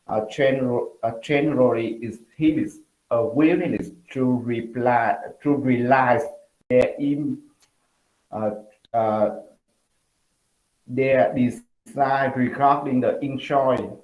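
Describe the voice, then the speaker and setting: Slow halting man presenting in class. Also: mid-range voice, reverberant, dull audio. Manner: halting, many fillers, word restarts. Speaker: student presenter.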